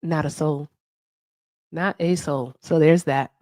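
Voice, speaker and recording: A woman's voice: sits low, fairly even intonation, slow pace, mellow, no echo, clean studio sound. A woman hosting a livestream, questioning callers in a blunt, teasing way. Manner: blunt, teasing, talks straight to viewers. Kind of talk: casual live-stream chat.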